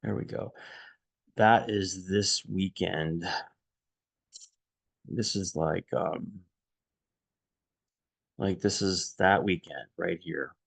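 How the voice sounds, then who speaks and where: A man's voice: low-pitched, vocal fry, breathy edge, no echo, poor audio. A man telling a friend a personal story in a casual, rambling way, stopping and restarting as he searches for words. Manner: rambling and halting, with many restarts.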